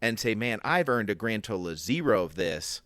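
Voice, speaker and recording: A man's voice: fairly low pitch, sing-song, moderate pace, a bit bright, dry recording. A man co-hosting a casual Bible discussion podcast, thinking aloud and acting out the questions in his head. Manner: reflective, thinks aloud with restarts and acted inner questions. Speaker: podcast co-host.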